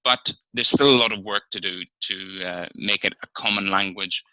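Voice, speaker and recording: A young Northern Irish man talks frankly through a prepared practice speech, with plenty of fillers and a hint of irritation. His voice is fairly low yet very bright and forceful. The sound is close and dry. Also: normal speed, dry recording, poor audio. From Northern Ireland. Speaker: speaker in an interpreting practice speech.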